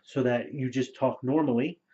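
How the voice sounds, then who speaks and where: Casual male storyteller, mid pitch, lo-fi muffled sound, chatty and filler-heavy. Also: normal speed. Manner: relaxed, rambling with frequent fillers. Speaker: storyteller and game master. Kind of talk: casual spoken advice video. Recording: dull lo-fi recording.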